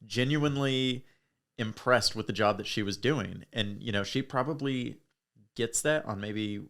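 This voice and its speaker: A man's voice: mid-range voice, a little slow, fairly bright tone. A young man who is a podcast guest, talking earnestly in casual chat and leaning on "like" as a filler.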